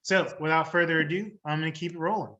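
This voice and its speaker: Brief: crisp, bright male presenter pitching a deal on a video call. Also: quick pace, muffled recording. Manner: relaxed, joking while setting up.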